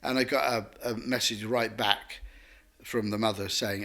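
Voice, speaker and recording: Guy telling stories on a podcast, lively and rambly, keeps restarting his sentences. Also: fairly low pitch, unhurried. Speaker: guest artist. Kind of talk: conversational storytelling.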